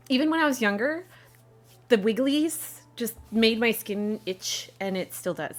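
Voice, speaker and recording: A woman's voice: medium pitch, sing-song, moderate pace, creaky, soft background music. A woman hosting a let's play, chatting casually and reacting to the game with playful asides. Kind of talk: casual gameplay commentary.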